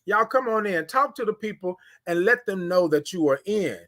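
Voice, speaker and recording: A man hosting a casual morning livestream, greeting viewers by name in an animated way and drawing out his greetings. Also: high voice, normal speed. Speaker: livestream host.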